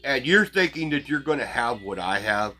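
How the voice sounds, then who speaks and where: A man's voice: mid-range voice, big pitch swings, normal speed, sharp tone, soft background music. A man hosting his own show, ranting bluntly and crassly at his viewers with heavy profanity and scornful laughs. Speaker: channel host. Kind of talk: profane casual rant to viewers.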